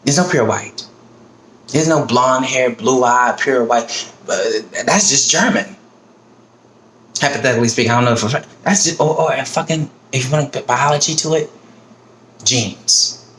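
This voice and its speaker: A man's voice: medium pitch, moderate pace, long pauses, a bit bright, a little hiss or hum. A man on his own video giving a heated, profane, emotional rant about politics. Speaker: vlogger. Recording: roomy echo, faint ambience.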